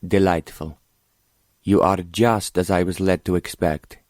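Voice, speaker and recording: A calculating foreign prince, put on by a man, speaks with a heavy accent and an oily, unhurried manner. The voice sits very low and sounds dry and close. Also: fairly even intonation, a little mellow, no echo. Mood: oily, leering. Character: sly foreign prince, heavily accented, leering.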